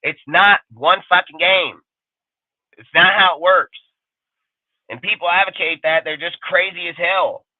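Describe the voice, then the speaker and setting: Over tinny phone-line audio, a high male voice holds a steady tone, unhurried and pausing often, with no echo. He is a sports talk panelist in a heated casual rant, profane and emphatic, swearing nonstop and repeating his points.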